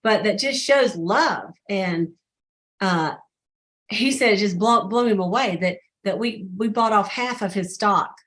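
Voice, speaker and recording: A woman's voice: mid-range voice, unhurried, a bit bright. Chatty woman telling stories. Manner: chatty storyteller who acts out quoted dialogue. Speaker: sales director hosting a team call. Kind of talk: casual motivational team call.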